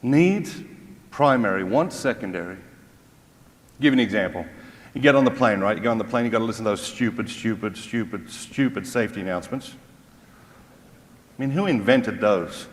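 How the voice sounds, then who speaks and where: The talk is humorous and motivational, given by an Australian Catholic speaker who mocks freely and asks one rhetorical question after another. He speaks at a moderate pace in a lowish voice with lively intonation and long pauses, and the hall adds a long reverb.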